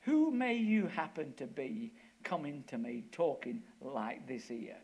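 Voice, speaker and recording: A man voicing an old Cornish miner in plain country dialect, speaking slowly and simply. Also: on the high side, big pitch swings, creaky, a little mellow, pitched below the performer's own voice, full character voice. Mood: homely. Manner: country dialect speech, slow and homely.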